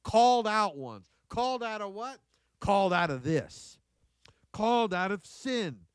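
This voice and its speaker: A man delivering a sermon in a somewhat high voice, recorded dry with little room sound. He moves between Bible reading and folksy, conversational asides with exclamations. He drives his points home by repeating key phrases. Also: very animated, unhurried, clean tone, dry recording. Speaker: preacher.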